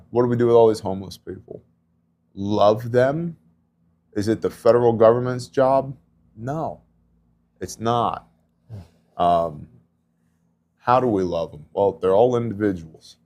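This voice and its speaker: Middle-aged guy, kinda low voice, earnest casual faith chat, lots of "you know" asides. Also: slow, pauses often, mellow. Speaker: podcast host and disaster relief volunteer. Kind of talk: casual faith talk and storytelling.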